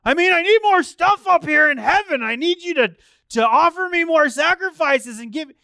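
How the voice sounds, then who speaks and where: A man's voice: very high-pitched, animated, normal speed, bright, forceful tone, no echo, pitched above the performer's own voice, full character voice. A preacher voicing a petty, whining male God who demands more offerings, mocking the idea with an exaggerated complaint. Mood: whiny.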